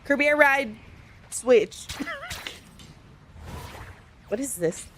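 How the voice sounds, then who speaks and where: A woman streaming a live reaction, excitable and quick to exclaim and laugh. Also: sits high, background noise.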